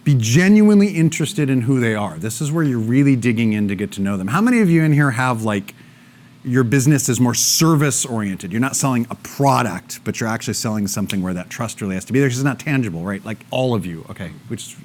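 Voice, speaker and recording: A man speaks quickly in a medium-pitched voice to a live audience. He tells stories with animation, acting out both sides of the conversations.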